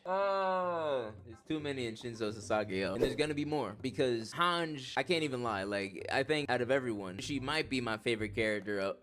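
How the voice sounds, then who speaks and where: A young man giving casual, joking anime tier-list commentary, animated and laughing often. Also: medium pitch.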